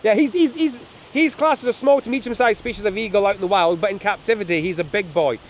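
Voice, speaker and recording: A middle-aged falconer with a high voice talks fast while showing birds of prey outdoors on a windy hilltop. His hands-on demonstration is full of chatty, joking anecdotes.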